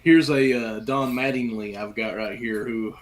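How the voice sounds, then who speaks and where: A man's voice: mid-range voice, fairly even intonation, moderate pace, crowd noise. A man co-hosting a card-opening show in casual chat, rambling and hedging with fillers as he talks. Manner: rambling, talks through his thoughts with fillers and hedges. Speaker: co-host opening baseball cards.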